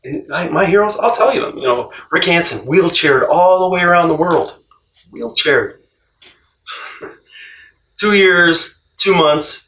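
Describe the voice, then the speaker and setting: A man's voice: on the high side, recorded from a distance. A man telling stories casually, laughing often and acting out the people he quotes. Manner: animated, laughs often, acts out quoted voices. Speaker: cross-country traveller. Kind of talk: casual storytelling. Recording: roomy, from off-mic.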